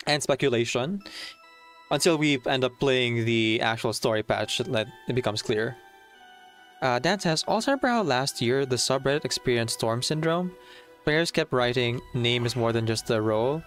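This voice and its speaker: A man's voice: medium pitch, animated, moderate pace, fairly bright tone, faint music behind. A young man chatting casually on a live stream, reading chat aloud, a bit nervous and laughing.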